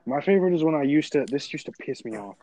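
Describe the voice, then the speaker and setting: A man's voice: on the high side, animated, quick pace, mellow, no room sound, rough recording. Crude-joking young man on a podcast. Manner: teasing, crude joking, laughs often. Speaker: podcast co-host. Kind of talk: casual chat.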